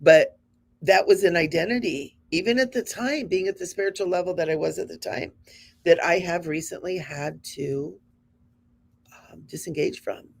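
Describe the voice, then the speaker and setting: A woman's voice: on the low side, normal speed, vocal fry. A woman in her fifties hosting a spiritual show, talking to her audience in an earnest, encouraging, conversational way. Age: 50s.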